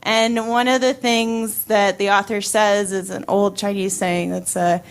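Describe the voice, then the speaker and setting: A woman's voice: medium pitch, flat delivery, measured pace, clear, resonant tone. A woman in her twenties telling a personal story on stage, chatty and wry, laughing often and using many fillers. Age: 20s.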